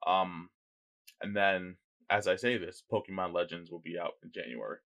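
A young man with a low-set but bright, forceful voice, riffing casually as a podcast co-host. His talk is loose, joking and full of profanity. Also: fairly even intonation, moderate pace, vocal fry.

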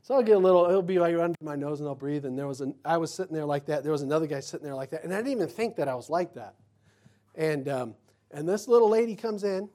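A middle-aged man preaching in a relaxed, folksy way, wandering into personal anecdotes. He acts out the other people in his stories as he goes. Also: fairly high pitch, quick pace. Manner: folksy storytelling, acts out quotes. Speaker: pastor.

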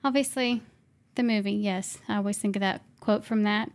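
A woman's voice: mid-range voice, steady tone, normal speed. A woman co-hosting a podcast in casual chat, enthusiastic and giggly, now and then quoting movie lines. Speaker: podcast co-host.

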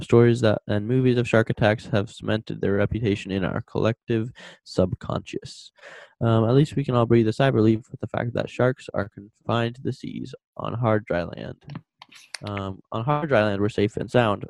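Young male podcast co-host, lower voice, dry close sound, reads news haltingly with stumbles. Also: steady tone, vocal fry, a little mellow, no echo, rough recording. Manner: reads articles haltingly, stumbles and corrects himself. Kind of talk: casual comedic chat, reading news aloud.

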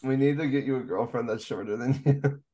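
A man's voice: medium pitch, a little fast, a crowd in the background. Joking young man, laughing constantly. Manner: joking, laughs often, profane. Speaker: podcast co-host. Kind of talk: casual banter among friends.

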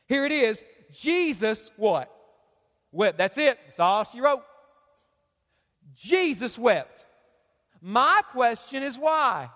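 A man preaching a sermon with a strikingly high voice, hammering his points through repetition and rising to shouts. The sound rings with the long reverb of a large church hall. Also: very animated, slow, long pauses. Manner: emphatic preaching, repeats phrases, rises to shouts. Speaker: pastor.

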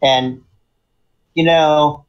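A man co-hosting a casual podcast, talking in a deadpan way with dry humor. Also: a little high, extremely slow, muffled recording. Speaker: podcast co-host.

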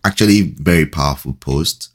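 With a rumbling low voice at a moderate pace, a young Nigerian man chats casually on the faith podcast he co-hosts. He's playful and jokey, though he hesitates more during reflective moments.

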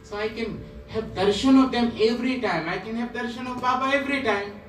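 High-voiced man giving a slow spiritual talk. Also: slight background noise. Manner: slow, repetitive, emphatic phrasing. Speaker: guru. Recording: roomy echo, voice from a distance.

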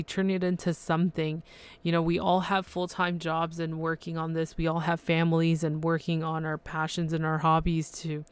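Gushing woman podcast host, gravelly voice. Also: on the low side. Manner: effusive, gushing, many fillers and restarts. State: emotional and overwhelmed. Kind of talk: solo podcast monologue.

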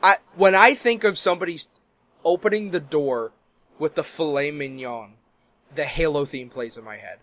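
A man riffing in improvised comedy banter, animated and swearing, jumping between loud bursts and soft asides. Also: fairly high pitch, normal speed.

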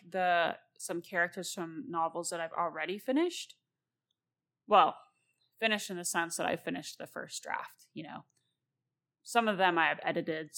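A woman's voice: fairly low pitch, fairly bright tone. A woman host and novelist talking casually and at length about writing, rambling and laughing often.

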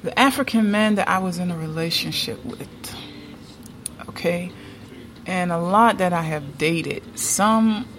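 A woman's voice: lowish voice, unhurried, fairly bright tone, slight background noise. A woman talking casually to her viewers in a vlog, chatty and emphatic, often checking in with "okay?". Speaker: vlogger.

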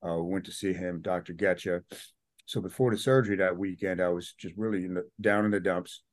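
A man's voice: deep voice, brisk, no room sound, clean studio sound. A middle-aged man, a podcast guest, telling a personal story in a casual interview and acting out what people said. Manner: animated storyteller, acts out quotes.

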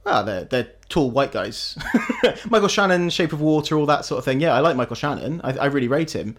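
A man's voice: a little high, lively intonation, fairly quick. Opinionated man chatting about films. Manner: opinionated, with frequent restarts and chuckles. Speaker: podcast co-host. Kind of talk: casual film review chat.

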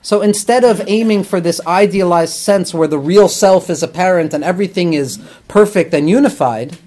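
A man's voice: sits high, normal speed, darkish tone. A man teaching as a rabbi and therapist, earnest and explanatory, weaving Hebrew terms into his talk.

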